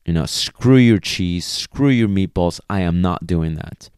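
A man voicing a stubborn dog that talks back in a low, defiant mutter. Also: a little slow, darkish tone, smooth, dry recording, studio quality.

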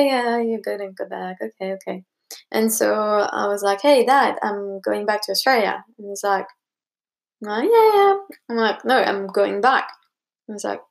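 A woman's voice: medium pitch, creaky. A young woman talking casually to camera, giving advice. She rambles, with plenty of fillers and restarts, and acts out what other people said to her.

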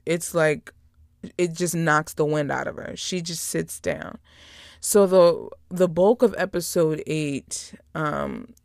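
A young woman casually recapping episodes as a podcast host, chatty and animated, acting out the quoted lines. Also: on the low side, vocal fry, no echo, studio quality.

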